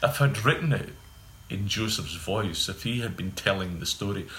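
A man telling anecdotes in a casual interview, with halting restarts. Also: low voice, fairly bright tone. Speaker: writer guest. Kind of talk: casual chat. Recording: roomy with faint ambient noise.

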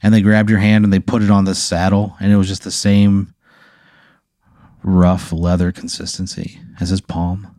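A man's voice: low voice, little pitch movement, normal speed, mellow, no room sound, studio quality. A man hosting, telling an improvised hypothetical story in a laid-back, casual way with lots of filler words. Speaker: host.

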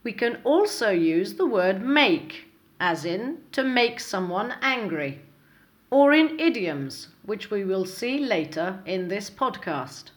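A woman hosting an English lesson podcast, speaking slowly and clearly from a script, with exaggerated intonation in her examples. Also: mid-range voice, very animated. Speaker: English teacher, podcast host.

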